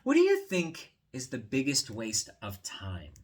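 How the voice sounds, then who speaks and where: A man's voice: medium pitch, wildly swooping pitch, measured pace, distant mic. A man reading the questions of a curious, kind young boy from a picture book.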